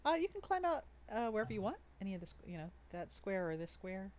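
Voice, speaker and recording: A woman's voice: mid-range voice, very animated, quick pace, darkish tone, muffled recording. A woman running a tabletop game as game master, chatty and playful, often trailing off while she thinks.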